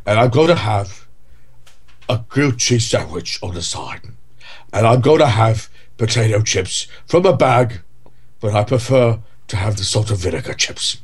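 A man doing a comic impression of an older film star, with a slow, clipped drawl. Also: on the low side, animated, breathy edge. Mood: smug relish. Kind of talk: comic impression in casual chat.

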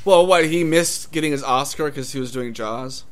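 A man's voice: medium pitch, moderate pace. A man co-hosting a casual chat, tossing in wry, sarcastic asides. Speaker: podcast co-host.

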